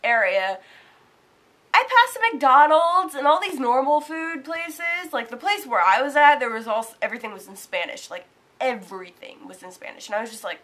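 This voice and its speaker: A young woman vlogging, casually telling a story, animated and swearing casually. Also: high voice, moderate pace. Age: young adult.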